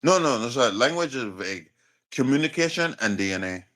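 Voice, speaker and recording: A man's voice: mid-range voice, lively intonation, a little fast, bright, forceful tone. A man in a heated online debate, answering in a rambling, defensive, profane way. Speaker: debate guest.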